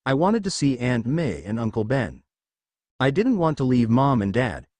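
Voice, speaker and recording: A man narrating a first-person story in an expressive reading voice. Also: medium pitch, moderate pace, no room sound.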